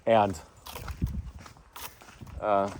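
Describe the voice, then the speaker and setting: Man, mid pitch, chatty rambling vlogger, outdoors, faint noise behind. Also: level tone, very slow, darkish tone. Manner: chatty, rambling with restarts and fillers. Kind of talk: rambling casual vlog.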